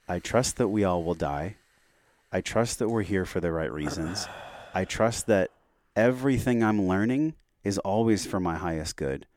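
Man, very deep voice, heartfelt, reflective storytelling, dry close studio sound. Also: darkish tone, no room sound. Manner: earnest and heartfelt. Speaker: podcast guest.

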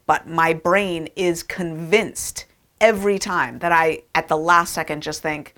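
A woman with a fairly low voice tells a science story to listeners. She talks in a conversational, emphatic way, leaning on words and dropping fillers as she goes. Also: measured pace, a bit bright. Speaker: speaker. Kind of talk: storytelling talk.

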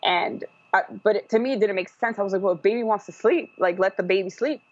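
Speaking fast in a mid-range voice, a podcast guest rambles through a personal story, full of fillers and restarts. There's no echo, and the recording sounds dull and dry.

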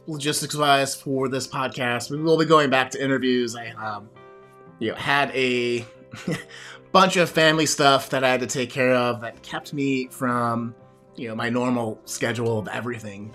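A man hosts his own podcast alone, talking straight to a camera. He is reflective and rambling, full of fillers and restarts, in an ordinary mid-pitched voice. Faint music plays softly behind him. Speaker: podcast host and coach. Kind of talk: solo podcast monologue.

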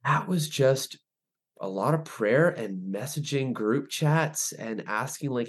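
A young man, a ministry director, telling stories as a podcast guest, animated and full of restarts. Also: mid-range voice, takes it slowly, breathy edge. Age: young adult. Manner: animated storyteller, many restarts and fillers. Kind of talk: casual interview chat.

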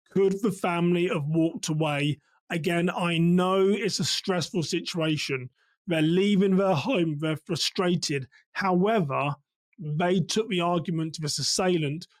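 A man hosting a podcast, giving earnest, measured commentary on a crime case and repeating his key points. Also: high-pitched, no room sound. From England. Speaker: podcast host.

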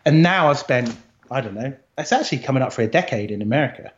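A man's voice: medium pitch, expressive, fast talker, muffled recording. A middle-aged British man from the Isle of Wight, talking casually and thoughtfully as an interview guest, with fillers and restarts. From Isle of Wight, England. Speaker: guest, agency co-founder.

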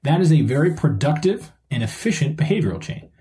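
A man's voice: on the high side, big pitch swings, a little fast, warm tone. A man hosting his own podcast as a dog trainer, explaining things step by step in a conversational way.

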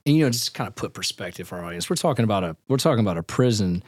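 A man hosting an interview podcast, asking questions in quick bursts with repeated false starts. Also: lowish voice, expressive, no echo, studio quality. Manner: fast, stumbling repeated starts when asking. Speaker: podcast host.

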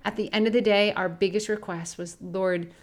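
A woman's voice: medium pitch, fairly even intonation, fairly quick. A young adult woman co-hosting a faith podcast, telling a personal story in an earnest, reflective way. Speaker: podcast co-host.

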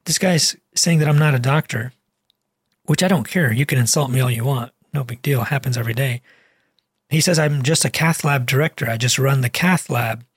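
A man's voice: mid-range voice, breathy edge, no room sound, clean studio sound. A man, a cardiologist, talking casually to camera in a dismissive, exasperated and rambling way, full of fillers. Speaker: cardiologist and channel host.

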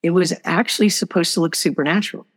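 A woman's voice: on the low side, fast talker, in a large hall. A woman speaking as a guest author in a faith conversation, earnest and emphatic in how she talks.

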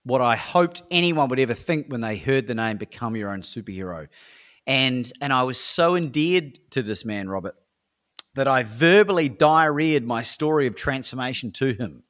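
At normal speed, in a medium-pitched and fairly bright voice, an Australian speaker and coach shares animated stories in a podcast interview. His tone is enthusiastic and motivational, with frequent fillers such as "right?".

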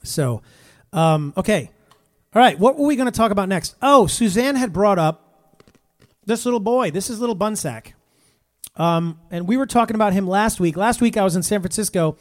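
A man's voice: sits high, animated, normal speed. A man hosting a casual live stream from his home on a phone, chatting and reading out viewer comments.

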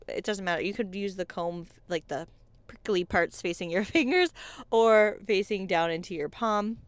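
A woman's voice: mid-range voice, a bit bright, smooth, no echo. A pregnant woman in her thirties hosting a casual solo podcast, chatty, saying "like" often and laughing between phrases. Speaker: podcast host.

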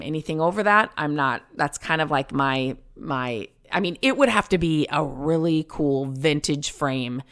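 A woman's voice: sits low, a bit bright. A woman hosting her own show, chatting casually and rambling, with many fillers, restarts and easy laughs. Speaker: podcast host. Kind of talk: casual solo chat.

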